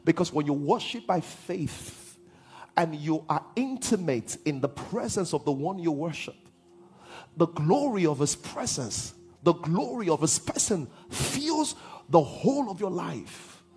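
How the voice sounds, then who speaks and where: Male pastor, sermon, husky voice, fairly high pitch, hushed to half-sung shouts. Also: sing-song, unhurried.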